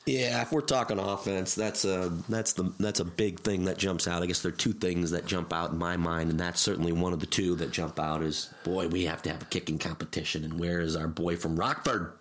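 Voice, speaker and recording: A man's voice: low-pitched, steady tone, brisk, few pauses, a bit bright. A man co-hosting a sports talk show, jokey and playful in his banter. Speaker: sports podcast co-host.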